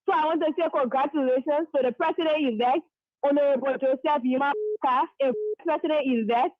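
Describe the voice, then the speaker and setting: A first-time voter calls a radio show and speaks proudly, almost like giving a speech. The voice is high and comes through a dull, lo-fi phone line. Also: steady tone, a little fast, dry recording.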